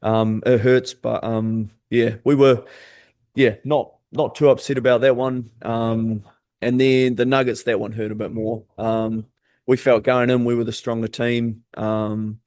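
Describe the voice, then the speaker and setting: A man, talking easily as a basketball guest on a podcast, with many "um" pauses. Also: mid-range voice, level tone, a little mellow, no echo, studio quality. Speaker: basketball player and coach, guest. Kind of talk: casual podcast interview.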